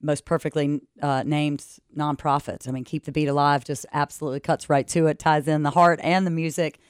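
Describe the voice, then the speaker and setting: A man's voice: fairly high pitch, little pitch movement, fairly quick, clean tone, dry recording, clean studio sound. A man hosting a radio interview, speaking enthusiastically and promoting his guest. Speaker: radio host.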